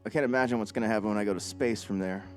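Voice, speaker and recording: A man's voice: on the low side, fairly even intonation, racing, music in the background. A man, a singer-songwriter, chatting between songs at a small live club, telling rambling, joking anecdotes into a stage mic. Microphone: stage vocal mic.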